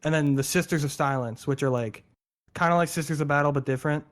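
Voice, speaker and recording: A man in casual podcast chat, telling a story with lively, jokey quoted voices. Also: fairly high pitch, quick pace. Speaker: podcast co-host explaining lore.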